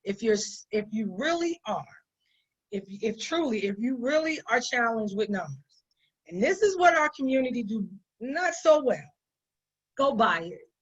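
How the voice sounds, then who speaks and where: High-voiced emphatic businesswoman, lo-fi. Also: big pitch swings, moderate pace, slightly rough. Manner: emphatic, repeats points for stress. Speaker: business owner, guest. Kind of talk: conversational business advice. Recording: dull lo-fi sound.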